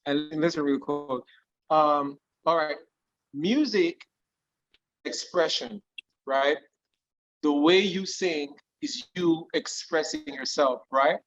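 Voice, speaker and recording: A man, a guest singer giving career advice in a conversational interview, explaining lively through analogies and often checking with his listener. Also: on the high side, slow, long pauses, lo-fi sound, slight background noise. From Nigeria.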